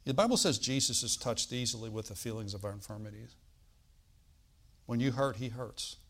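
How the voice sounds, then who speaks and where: A man preaching a sermon, reading scripture aloud and explaining it, swinging from loud bursts to quiet asides. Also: medium pitch, moderate pace. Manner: animated preaching, bursts loud on quoted lines then drops quiet; reads old-style scripture, asides with "all right?".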